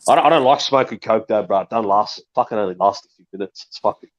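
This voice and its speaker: A man's voice: fairly low pitch, quick pace. A man in rambling, profane chat, calling everyone bro. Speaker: stream chat guest. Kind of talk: casual crude banter. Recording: dull lo-fi call audio.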